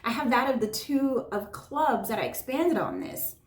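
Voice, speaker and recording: A woman gives a tarot reading in an effusive, heartfelt monologue, often tagging her points with a quick "right?". Her voice sits a little on the high side. The sound has a roomy echo. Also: very animated, slight background noise. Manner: effusive, emotive, frequent "right?" asides. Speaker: tarot reader. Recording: echoey room.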